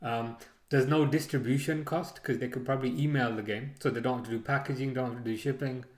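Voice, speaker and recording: A man's voice: mid-range voice, fast. A man streaming a live football watchalong, chatting casually and ranting with many restarts. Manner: rambling, excitable rants with repeated restarts.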